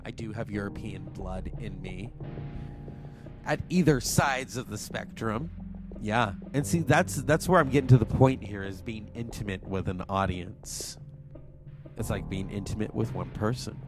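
A man's voice: lowish voice, a little slow. A congested man in his forties hosting a solo podcast, chatty and digressive. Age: 40s. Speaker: podcast host. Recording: music playing behind.

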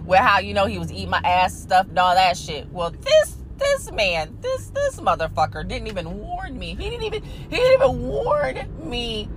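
A podcast host with a mid-range voice tells a story at a moderate pace with few pauses, over a little hiss or hum. She's blunt, profane, casual and animated, laughing often and talking straight to her listeners as "y'all."

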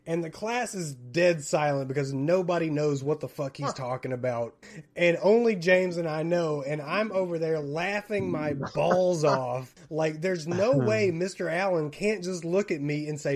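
A man's voice: a little high, animated, moderate pace, a little mellow. A man, hosting a podcast and telling profane stories with lots of laughter. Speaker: podcast host. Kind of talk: casual storytelling chat.

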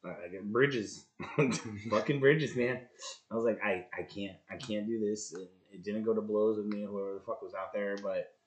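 A man in his thirties with a fairly low voice tells a hard story in an interview. He talks bluntly and swears freely. His level jumps from loud bursts down to quiet mutters. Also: normal speed. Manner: blunt, profane, swings between loud outbursts and low mutters. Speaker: podcast guest, former Marine.

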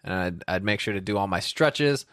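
A man's voice: deep voice, lively intonation, moderate pace, fairly bright tone, no room sound, clean studio sound. A man telling rambling, self-deprecating stories in a casual chat, as a podcast co-host.

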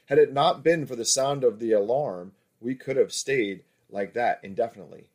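A man narrating a first-person erotic story in a calm, even storytelling manner. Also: medium pitch, moderate pace.

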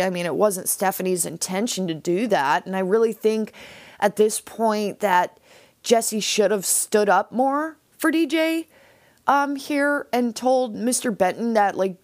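A young woman with a mid-range voice hosts a podcast, recapping a TV episode in a chatty, casual manner. She fills her speech with lots of "like" and "um," and the recording is dry.

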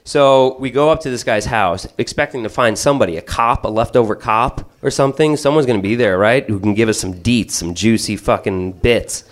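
A man telling a long story in stand-up style, profane, rambling and animated. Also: mid-range voice, fairly quick, few pauses.

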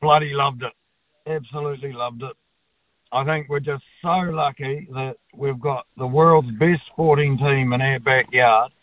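A man's voice: mid-range voice, fairly even intonation, unhurried, dry recording. Blunt New Zealand man on a tinny phone line. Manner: blunt, blokey, sweary and opinionated. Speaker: caller. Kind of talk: talkback radio call.

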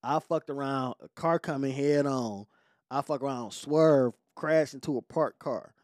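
Give me an animated male podcast host telling a raw story, dry and close. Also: medium pitch, a little slow, dry recording. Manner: animated, profane storytelling with shifting voices. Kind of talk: casual storytelling chat.

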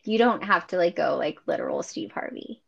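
A woman co-hosting a podcast in casual chat, relaxed and agreeable. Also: fairly low pitch, a little fast, gravelly, husky, lo-fi sound. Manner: relaxed, agreeable, rule-following. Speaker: podcast co-host.

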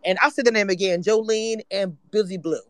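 A woman from hosting a casual live chat, excitable and candid. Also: mid-range voice, a little fast, no room sound. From Louisiana. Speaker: YouTube channel host.

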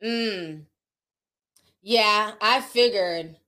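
A woman with a Southern US accent runs a laid-back celebrity gossip livestream, reading out viewer comments and sharing frank opinions. Her mid-range voice is bright and forceful, and she draws her words out. She's chatty and candid, laughs a lot, and reacts to what the chat says.

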